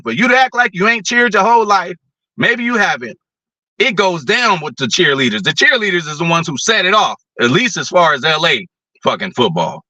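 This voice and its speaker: A man hosting a show, ranting about football in a blunt, profane, animated way. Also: a little high, no room sound. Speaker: podcast host. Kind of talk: casual opinion rant.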